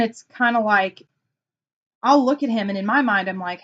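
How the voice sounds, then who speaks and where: Animated woman telling stories, dull sound. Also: medium pitch, moderate pace, long pauses. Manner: animated storytelling with acted-out quotes. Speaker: Enneagram consultant. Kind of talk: casual explanatory vlog talk.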